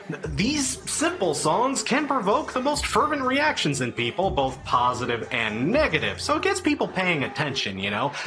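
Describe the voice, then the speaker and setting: A man giving an opinionated, sarcastic review of a song, exasperated and crude in his wording. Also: on the high side. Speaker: music reviewer.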